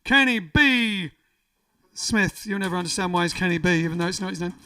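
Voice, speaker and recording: Speaking very fast in a flat, high-pitched, somewhat bright voice, a man fronts his band's livestream from the living room. Between songs he rambles casually over viewer comments. Faint music sits behind his slightly distant voice.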